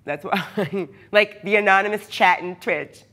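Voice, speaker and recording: A woman's voice: mid-range voice, measured pace, pushed and bright. A hyper, chatty woman who often laughs, talking casually with her live viewers from her workshop. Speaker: cosplayer streaming live. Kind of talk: casual livestream chat with viewers.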